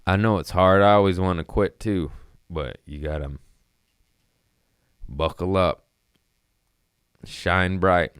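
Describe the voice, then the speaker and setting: A man's voice: sits low, steady tone, slow, pauses often, clear, resonant tone, dry recording, clean studio sound. A young adult man, a comedian, rambling casually and profanely, laughing between lines.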